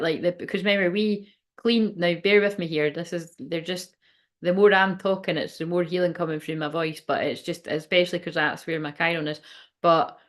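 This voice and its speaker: A woman who works as a spiritual medium, rambling chattily and emotionally on a live stream and laughing often. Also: mid-range voice. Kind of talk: casual live-stream chat.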